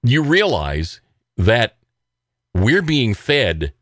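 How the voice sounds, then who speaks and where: Sarcastic man, lively pitch. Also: very slow, no room sound, studio quality. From American South. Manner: sarcastic, mocking, laughs between points. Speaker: commentary show host. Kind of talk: opinionated political commentary.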